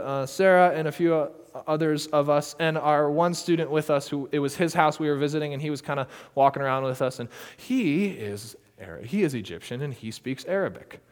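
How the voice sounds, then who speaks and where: A man from the US, a missionary storyteller, recounts a story informally, full of fillers and animated laughs. His voice is a little high with a clean tone, followed by a long reverb tail.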